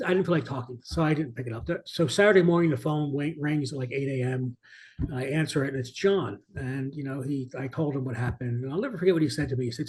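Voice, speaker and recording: An earnest man recounting memories as a guest in an interview. He speaks at a mid pitch with shifting emphasis and often restarts his sentences, telling the story in a reflective way. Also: quick pace, darkish tone. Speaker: author and guest.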